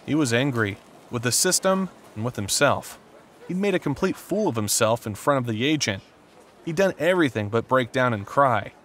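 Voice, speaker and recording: A man narrating an audiobook in a steady, measured storytelling voice. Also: mid-range voice, a little hiss or hum. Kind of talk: scripted narration.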